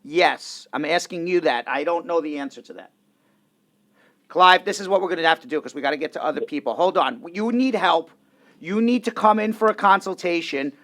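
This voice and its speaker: A middle-aged man with a fairly high voice hosts a live radio call-in. He is firm and to the point with callers. Between calls he slips into easy, joking banter with his co-host. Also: fairly quick, fairly bright tone. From New York. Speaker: radio show host, immigration lawyer.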